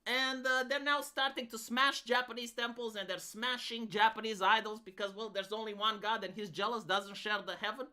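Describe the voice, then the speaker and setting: A woman's voice: fairly high pitch, steady tone, normal speed, hardly any pauses, bright, forceful tone. A woman from Romania, giving rambling, filler-heavy commentary on a casual live stream.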